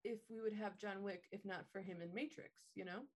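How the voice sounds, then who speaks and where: A woman's voice: mid-range voice, steady tone, a little fast, a little mellow. A woman co-hosting a movie podcast in casual chat, chatty and self-deprecating. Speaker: podcast co-host.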